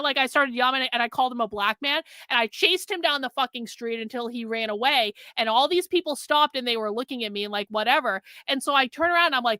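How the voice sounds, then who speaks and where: A woman hosts her show and tells a story in an animated, casual way, swearing freely. Her voice is bright and a little high, with an edge of tension. The recording sounds dry and close. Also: fast, few pauses, no room sound. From United States. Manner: animated, profane, acts out her own past lines. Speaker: host.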